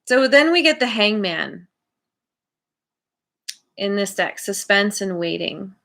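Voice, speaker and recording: A woman giving a tarot reading for her channel, musing aloud in a slow, rambling way with many restarts. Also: medium pitch, expressive, gravelly, a bit bright. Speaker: tarot reader.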